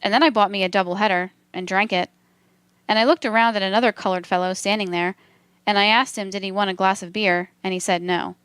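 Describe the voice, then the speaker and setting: A woman reading a transcript aloud for a documentary in a measured, steady delivery. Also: mid-range voice, smooth, dry recording. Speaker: documentary reader.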